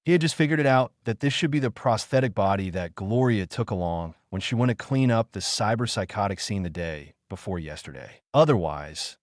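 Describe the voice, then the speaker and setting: Lively low-voiced male audiobook narrator. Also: fairly quick, hardly any pauses, dry recording, studio quality. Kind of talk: scripted narration.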